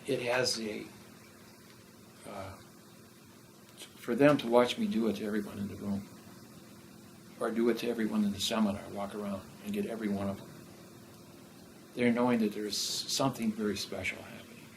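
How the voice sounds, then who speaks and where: A man's voice: fairly low pitch, little pitch movement, moderate pace, gravelly, pauses often, slight background noise, rough recording. A man lecturing at a seminar, telling rambling anecdotes and acting out the dialogue. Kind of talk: storytelling lecture.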